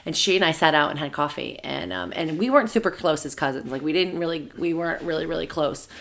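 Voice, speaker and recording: A woman in her thirties talks quickly in a relaxed podcast chat, her voice sitting a little low. She strings thoughts together with fillers and breaks into laughter while telling stories. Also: creaky. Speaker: podcast co-host. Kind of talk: casual chat.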